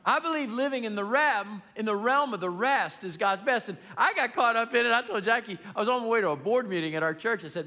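High-voiced, lively pastor preaching in a hall. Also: male voice, a little fast, hardly any pauses. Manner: storytelling with humor, animated and emphatic. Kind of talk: sermon. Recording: long reverb of a large hall.

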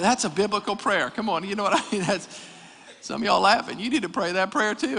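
A pastor, preaching an energetic sermon with jokes and calls to the congregation. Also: male voice, sits high, normal speed. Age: 40s. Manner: energetic preaching with jokes and crowd call-outs. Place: church hall. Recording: reverberant church hall.

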